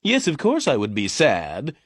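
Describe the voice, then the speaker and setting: A gray, formal middle-aged lawyer in a storybook, as a male narrator voices him. He speaks stiffly with a lively rise and fall, close and dry. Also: medium pitch, unhurried, husky, no echo, pitched above the performer's own voice, heavily acted.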